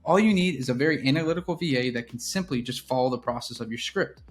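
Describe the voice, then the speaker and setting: A man's voice: medium pitch, fast. A man walking through his sales process in a casual teaching style, keeps checking in with "right?". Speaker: real estate business owner teaching sales. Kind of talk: casual instructional walkthrough.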